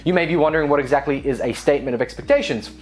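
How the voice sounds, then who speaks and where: A woman's voice: low-pitched, rapid-fire, darkish tone, faint music behind. A woman hosting a scripted tech and telecom news show, with sarcastic, playful asides.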